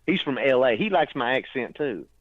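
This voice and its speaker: A man's voice: mid-range voice, lively intonation, normal speed, dry recording. A man with an East Tennessee accent, a songwriter calling in, chatting in a folksy, drawling way. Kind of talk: casual phone chat. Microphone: phone. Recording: tinny phone line.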